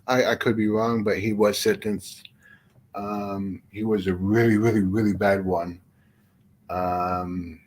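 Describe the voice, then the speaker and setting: A man chatting casually, rambling with many fillers and frequent swearing. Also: sits low. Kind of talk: casual chat.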